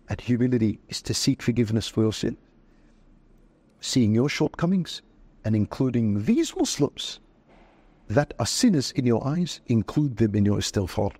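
A man's voice: medium pitch, animated, normal speed, darkish tone, husky, no room sound. A man, a religious scholar, answering interview questions in an earnest, preaching way and quoting scripture.

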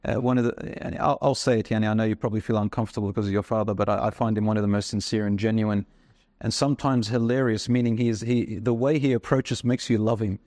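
A man hosting an interview, telling stories in a warm way with many fillers and pauses. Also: on the low side, fairly even intonation, no room sound, studio quality. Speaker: host. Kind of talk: interview conversation. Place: studio in Melbourne.

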